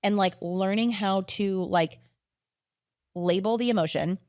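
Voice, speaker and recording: A young adult woman, a podcast guest in casual conversation, talking quickly and filling her sentences with "like" and "you know what I mean.". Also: mid-range voice, a little mellow, no echo, studio quality.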